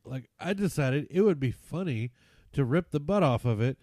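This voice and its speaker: A man's voice: medium pitch, animated, normal speed, a little mellow, dry recording. A man in his forties, a podcast co-host telling crude stories in casual chat, laughing often. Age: 40s.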